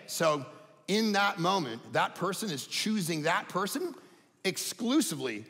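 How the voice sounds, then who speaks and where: Animated man preaching in a reverberant hall. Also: gravelly. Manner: animated, swings from loud emphatic highs to low quiet asides. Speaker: pastor. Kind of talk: sermon. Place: large church hall.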